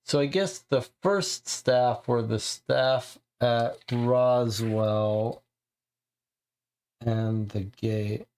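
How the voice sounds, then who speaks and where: Slow, gravelly-voiced man streamer. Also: medium pitch, a little mellow. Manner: thinking aloud, hesitant, halting. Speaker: streamer playing a mystery game. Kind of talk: casual let's-play commentary.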